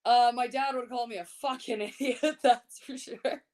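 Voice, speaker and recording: Brief: a woman guest with a fairly high voice. She's a blunt, foul-mouthed, animated storyteller. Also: normal speed. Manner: swears a lot, lively and laughing. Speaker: podcast guest. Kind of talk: casual storytelling chat.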